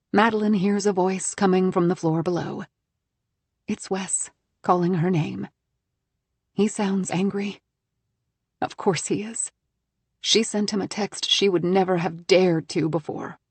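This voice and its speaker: Role: audiobook narrator. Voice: husky woman, mid pitch. Style: tense, measured thriller reading. Sound: dry, close mic. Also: darkish tone, no echo.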